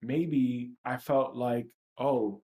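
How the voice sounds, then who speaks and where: A man's voice: mid-range voice, a little slow, a little mellow. Blunt, profane man musing on a livestream. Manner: blunt, profane and self-reflective. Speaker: livestream host. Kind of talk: candid livestream monologue.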